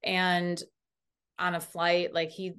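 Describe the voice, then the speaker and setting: A woman in her thirties, a podcast guest, telling a story in a casual, animated way, full of "like" fillers. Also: on the low side, slow pace, smooth.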